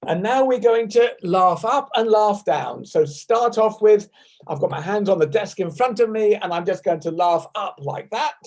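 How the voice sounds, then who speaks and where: Sitting at his home desk, a British man runs a laughter yoga video call, speaking expressively at normal speed in a voice that sits high. The desk microphone gives a rough recording of his playful chatter and frequent bursts of laughter.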